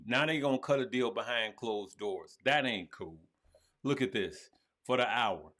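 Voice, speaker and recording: A man hosting a live stream on crypto, talking straight to his viewers and repeating his points. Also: mid-range voice. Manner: animated, talks to viewers as "good people", often repeats himself. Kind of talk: casual live-stream commentary.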